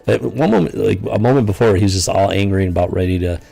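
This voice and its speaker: Low gravelly man rambling on stream. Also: quick pace, mellow. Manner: rambling, incredulous, with frequent fillers and laughs. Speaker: podcast host. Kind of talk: casual live-stream commentary.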